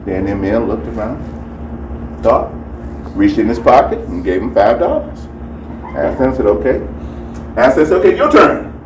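A male pastor gives a casual sermon with announcements, chatty and easygoing, sprinkling in plenty of "you know" and "amen." His lowish, darkish voice is animated yet unhurried, with long pauses. He's picked up from off the mic in a roomy hall, with faint noise.

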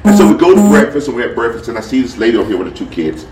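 Racing over loud music, a man with a mid-range voice shares a faith story casually and acts out the people in it with lively voices. His mic seems far away in a roomy space, picking up a bit of background noise.

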